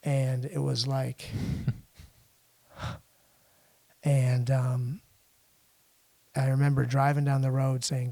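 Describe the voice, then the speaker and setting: A middle-aged man from the United States, a podcast guest telling a personal story in a halting way, with frequent restarts and fillers. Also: medium pitch, completely flat delivery, gravelly, warm tone. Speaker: podcast guest, international lawyer.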